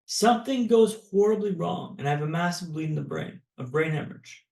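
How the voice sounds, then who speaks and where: A man from Canada, a podcast guest, telling a personal story in a dramatic, paced way with pauses. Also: fairly high pitch, expressive, gravelly, a little mellow, roomy sound.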